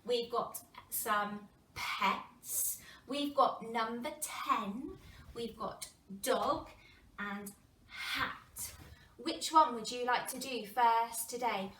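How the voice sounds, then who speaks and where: A woman with an English accent teaching a phonics lesson to young children, sounding out words slowly and with a lot of expression. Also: on the high side. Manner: animated, exaggerated sounding-out of words with gasps and whispers. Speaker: primary school teacher. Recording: roomy distant mic, faint background noise.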